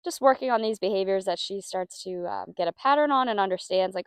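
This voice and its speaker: A woman horse trainer talking casually as she works outdoors with a horse, praising it softly. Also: medium pitch, brisk, clear, resonant tone, no room sound. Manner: soft, coaxing praise to the horse.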